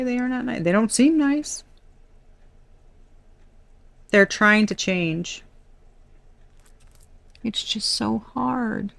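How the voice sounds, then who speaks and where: This tarot reader has a gravelly, rather high voice and no room sound. She gives a casual collective reading, speaking bluntly with exasperated asides and plenty of swearing.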